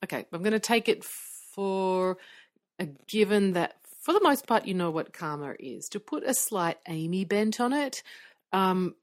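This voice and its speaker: A woman's voice: mid-range voice, animated, unhurried. A middle-aged woman hosting a podcast from her bedroom, chatting casually with lots of fillers and restarts. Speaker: podcast host. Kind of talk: casual solo podcast talk. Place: bedroom, seated on bed.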